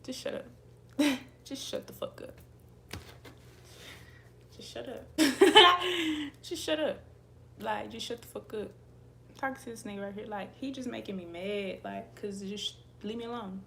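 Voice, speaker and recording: Wściekła kobieta przeklinająca do widzów. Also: female voice, mid-range voice, steady tone, normal speed, gravelly, long pauses, slight background noise. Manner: angry, profane, repetitive, laughing. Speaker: tarot reader. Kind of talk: ranting to livestream viewers.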